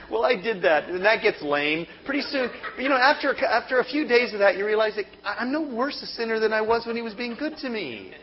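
A man's voice: very high-pitched, lively intonation, moderate pace, highs cut off. A man preaching a sermon, telling a comic story and acting out mock inner voices.

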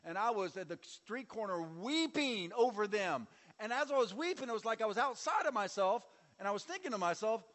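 Male pastor, high voice, sermon with call-and-response, long hall reverb. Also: big pitch swings, normal speed, fairly bright tone. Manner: preaching with audience call-and-response and sweeping shifts in volume.

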